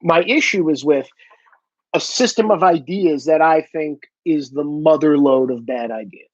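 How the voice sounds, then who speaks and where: A man's voice: a little high, unhurried, dry recording. Guy ranting on his vlog, cusses a lot, dull dry audio. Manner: blunt, swearing, switches into mocking impressions. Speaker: vlogger. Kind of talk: casual profane monologue.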